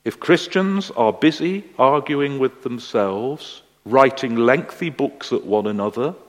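A man preaching a sermon at a slow, deliberate pace. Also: mid-range voice. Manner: slow, deliberate delivery, animated voices in the story. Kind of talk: sermon with a told joke. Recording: long hall reverb.

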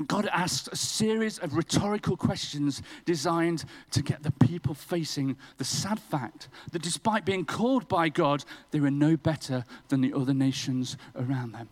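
A man's voice: a little high, moderate pace, hardly any pauses, poor audio. A man preaching a sermon in a church, telling a personal story with self-deprecating humour.

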